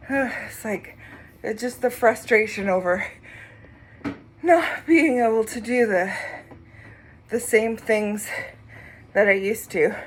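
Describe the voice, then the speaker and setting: Slow, breathless woman talking while exercising. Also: fairly high pitch, a little hiss or hum. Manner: slow, reflective, with pauses and soft laughs. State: short of breath. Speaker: vlogger sharing her recovery. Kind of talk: casual personal vlog.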